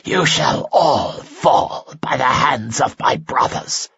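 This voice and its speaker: A man's voice: medium pitch, lively intonation, slow, creaky, a bit bright, husky, pitched above the performer's own voice, heavily acted. A man voicing a sinister undead creature in an audiobook, hissing and wheezing with a labored voice. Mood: menacing. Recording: dull lo-fi audio.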